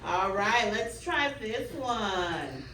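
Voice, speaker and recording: A young woman student teacher leading a class in a phonics drill, with clear, drawn-out prompts and quick praise, recorded in a classroom by a camera at a distance. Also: medium pitch, sing-song, sharp tone. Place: classroom full of children. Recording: echoey, distant classroom recording with background noise.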